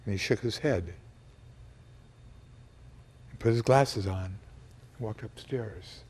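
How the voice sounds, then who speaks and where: A man recounting a personal memory in an emotional, halting way, pausing and restarting as he goes. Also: lowish voice, darkish tone, slightly rough. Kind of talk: personal storytelling.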